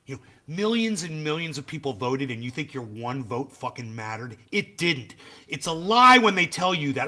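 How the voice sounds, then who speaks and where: Sharp-voiced profane man streaming live. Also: fairly high pitch, sing-song, moderate pace. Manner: profane, blunt and ranting; chats with viewers in the live chat. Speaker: livestream host. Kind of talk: casual livestream rant.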